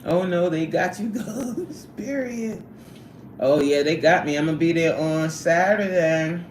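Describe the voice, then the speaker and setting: A woman hosting a casual livestream, chatting with viewers in a sassy, animated way and laughing often. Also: sits low, unhurried, reverberant, a little hiss or hum. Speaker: livestream host reading chat.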